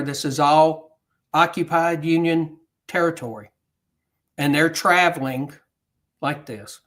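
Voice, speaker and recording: A man telling a historical story as a guest speaker, at an unhurried pace and acting out the quoted dialogue. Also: a little high, a bit bright.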